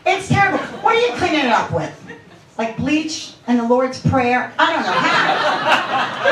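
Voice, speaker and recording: A middle-aged woman performing a stand-up comedy set on a club stage, telling sardonic stories about marriage and her sons. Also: sits high. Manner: animated, sardonic storytelling. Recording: roomy club, distant mic, crowd laughter.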